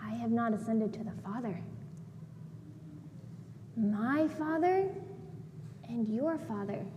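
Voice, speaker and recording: A calm, tender male teacher speaking softly and slowly, as a woman storyteller puts him on. The hushed lines trail into a long hall reverb with a faint hum behind. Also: on the high side, pitched below the performer's own voice.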